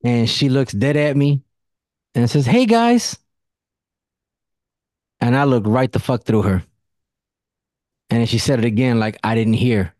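A man's voice: mid-range voice, fairly even intonation, normal speed, a little mellow, no room sound, studio quality. A man hosting a casual podcast conversation, telling blunt stories and swearing freely. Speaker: podcast host.

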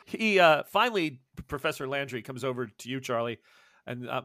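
A man's voice: medium pitch, brisk, dry recording, studio quality. Jokey man running a tabletop game. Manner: relaxed, jokey. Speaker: game master.

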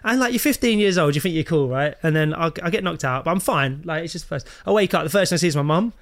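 Brisk, animated male podcast guest in his thirties, slightly raised pitch. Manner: animated anecdotes, acts out quoted lines. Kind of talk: casual storytelling chat.

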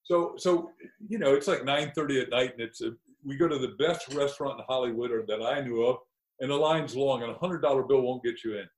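A man telling lively stories and laughing often in a casual conversation as a guest. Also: medium pitch, brisk. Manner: animated, laughing storyteller. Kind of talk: casual storytelling chat. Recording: roomy echo.

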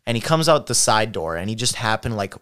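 A man's voice: fairly low pitch, very animated, a little fast, fairly bright tone, smooth. A young man casually telling a rambling story, quoting friends and family along the way. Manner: rambling anecdote full of quoted voices.

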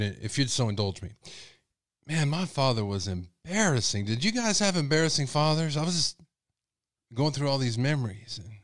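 A male host rambles through a folksy story in a casual monologue, with plenty of fillers. His voice sits at an ordinary pitch and sounds dry and close, with no room around it. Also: dry recording.

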